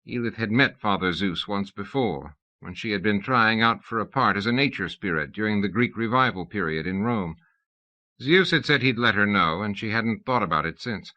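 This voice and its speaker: A man reading an audiobook in an expressive scripted narration. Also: lowish voice, moderate pace. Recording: dull lo-fi audiobook tape from the 1990s.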